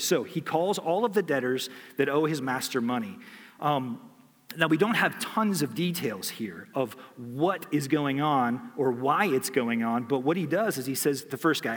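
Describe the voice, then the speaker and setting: A man's voice: medium pitch, animated, moderate pace, a bit bright. A man preaching a sermon who retells a story and keeps asking the listeners rhetorical questions. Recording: long hall reverb.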